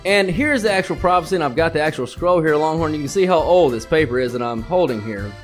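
A man's voice: a little high, quick pace, soft background music. A man co-hosting a comedic sports betting podcast, brash and profane, telling mock-grand stories. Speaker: podcast co-host.

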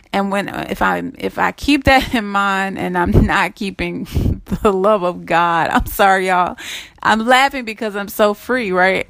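A woman hosting a devotional podcast, talking in an earnest, encouraging way at a middling pitch. She circles back over her phrases and often slips into soft giggles. The sound is close and dry, with no room around it. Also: vocal fry, no echo. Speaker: podcast host. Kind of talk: casual devotional podcast talk.

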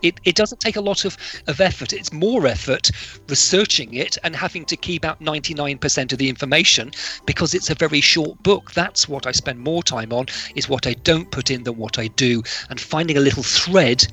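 Bright-voiced male poet guest, playful and chatty, reads verse aloud. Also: a little high, brisk, slightly rough. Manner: playful, animated, leads call and response. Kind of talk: casual radio chat and poetry reading.

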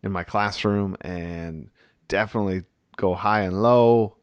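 A man hosting a relaxed talk about teaching, animated and chatty with many fillers. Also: lowish voice, measured pace, clear, resonant tone, dry recording, muffled recording. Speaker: podcast host and teacher. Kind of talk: casual conversation.

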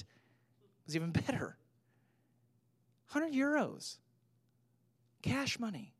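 A man's voice: high voice, a bit bright, dry recording, clean studio sound. A man in his thirties, a pastor giving a sermon, telling a personal story with humor and rising to emphatic points.

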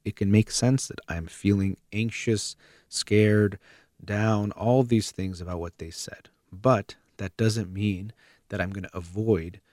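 A man giving steady, earnest parenting advice in a calm explanatory monologue, like a counselor. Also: lowish voice, slow pace, no echo, clean studio sound.

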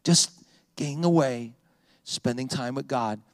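A male pastor preaching a sermon, rising to emphatic scripture reading and dropping to a slow, hushed prayer. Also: mid-range voice, no room sound, clean studio sound. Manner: emphatic, slows to a hush for prayer.

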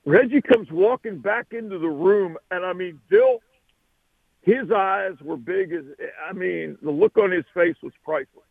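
A man, a football coach, telling an animated recruiting story as a radio guest. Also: high-pitched, unhurried, gravelly, no echo, narrow, tinny audio. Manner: animated, acts out the voices.

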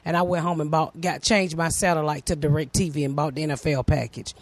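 A middle-aged woman comedian with a deep voice, talking loudly and bluntly with plenty of swearing in casual chat. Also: fairly even intonation, a little fast, no echo. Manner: loud, blunt, profane. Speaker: comedian guest.

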